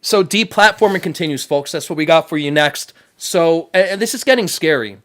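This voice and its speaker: A man's voice: a little high, animated, a little fast, a bit bright. A man co-hosting a casual show, reading out stories in a blunt, profane way. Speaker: co-host. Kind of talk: casual podcast banter.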